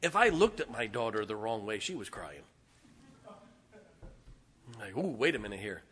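A man's voice: fairly low pitch, big pitch swings, moderate pace, fairly bright tone, breathy edge, long reverb tail. A man preaching a conversational sermon as pastor, folksy and joking with his congregation. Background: congregation responding.

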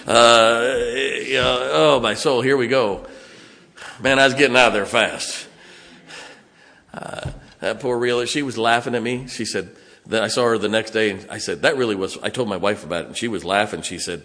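A man's voice: mid-range voice, normal speed, sharp tone. An older man preaching a sermon as pastor, telling folksy stories in a plain-spoken way and asking the congregation questions. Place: church sanctuary. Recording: long reverb in a church hall.

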